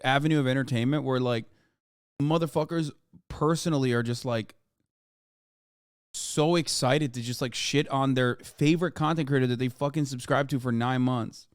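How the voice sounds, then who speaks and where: Smooth-voiced profane male streamer. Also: mid-range voice, fairly even intonation, moderate pace, no room sound, studio quality. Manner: profane, rambling, with frequent fillers; gets loud and heated when ranting. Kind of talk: casual reaction commentary.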